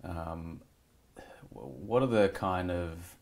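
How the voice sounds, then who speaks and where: A man's voice: low-pitched, animated, slow pace, darkish tone. A man hosting a podcast who asks easygoing, searching questions. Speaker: podcast host. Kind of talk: interviewing.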